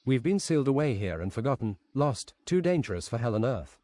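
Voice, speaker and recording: A man's synthetic voice voicing an ancient sealed-away kung fu master, formal and flat. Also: medium pitch, fairly quick, close to an everyday voice.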